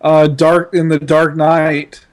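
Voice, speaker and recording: A man's voice: on the high side, flat delivery, slow. A man co-hosting a podcast, chatting in a laid-back way, often laughing and repeating words. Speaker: podcast co-host. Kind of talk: casual chat.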